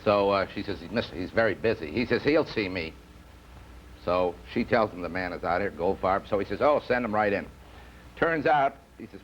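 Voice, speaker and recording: Man, comedian, joke telling, fairly low voice, dull old TV sound, faint hiss. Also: a little fast. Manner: relaxed storyteller, acts out both men in the joke. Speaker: comedian guest. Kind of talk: joke telling at a round table.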